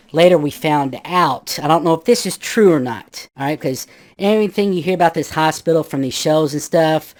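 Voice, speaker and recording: A man's voice: medium pitch, a little mellow. A man in his fifties casually telling a ghost story from his youth, rambling with restarts and acting out his friends' voices.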